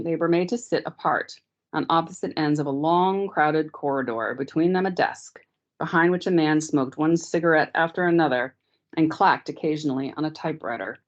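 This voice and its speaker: A deep-voiced woman teacher reads a novel aloud to her class at a steady, measured pace. The audio comes from a dull, lo-fi meeting recording.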